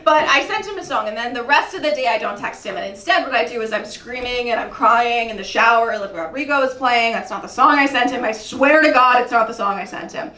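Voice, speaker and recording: A young woman performing a stand-up comedy set with animated storytelling, her voice shooting up into rants. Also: fairly quick, few pauses, reverberant, distant mic. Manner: animated storytelling, jumps high when ranting. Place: comedy club stage. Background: audience laughter.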